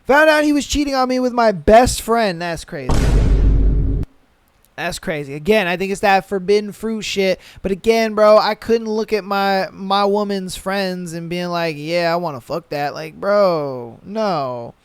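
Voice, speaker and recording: Close-miked in a dry, dead room, a male podcast host hears listener stories read out and meets them with slow, deliberate, foul-mouthed disbelief. His pitch is middling, and the tone is clean with no echo.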